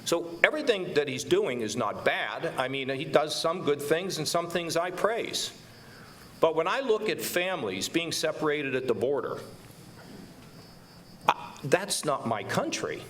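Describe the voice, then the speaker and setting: With a slight hiss or hum in the audio, a man in his sixties, a governor, speaks onstage to a live audience in conversation. His highish, fairly bright voice is expressive and unhurried, and he presses his points passionately, stumbling over repeated words.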